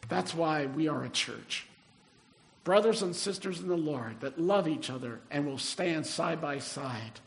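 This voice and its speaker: Older man, pastor, earnest sermon delivery, high-pitched voice, slows down for emphasis. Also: vocal fry, a bit bright. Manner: earnest, rises in emphasis, slows on key phrases.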